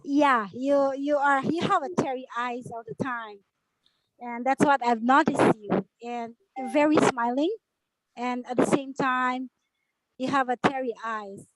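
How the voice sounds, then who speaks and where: A woman's voice: sits high, unhurried, rough recording. A woman joining a group video call from her phone, speaking in a heartfelt way and often repeating herself. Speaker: call participant.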